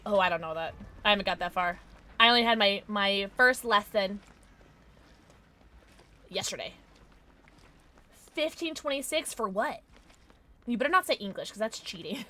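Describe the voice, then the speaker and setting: A woman's voice: fairly high pitch, fairly bright tone. A tired woman livestreaming a game, chatting casually and rambling with her viewers, reading out names and laughing often. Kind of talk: casual chat with viewers while gaming.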